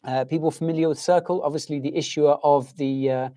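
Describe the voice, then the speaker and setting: A man's voice: medium pitch, brisk, few pauses, mellow. A middle-aged English man hosting a livestream in casual chat, with a soothing, soporific voice, rambling and ranting as he reacts to viewers' comments. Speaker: livestream host.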